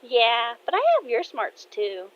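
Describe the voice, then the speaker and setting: A woman's voice: sits high, animated, normal speed, voice pushed up. A woman doing a teasing teenage girl in a storytelling voice. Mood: playful. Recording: dull lo-fi audio with faint noise.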